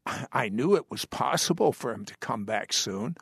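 A man hosting a Christian television interview, asking slow, earnest questions. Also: medium pitch, lively intonation, gravelly, a bit bright, slightly rough, no echo, clean studio sound. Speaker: host.

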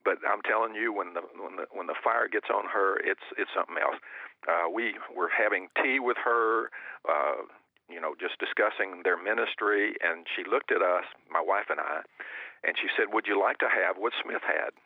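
A man giving an excited testimony as a guest minister on a religious talk show, often repeating his words. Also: low voice, moderate pace, no room sound, phone-quality sound.

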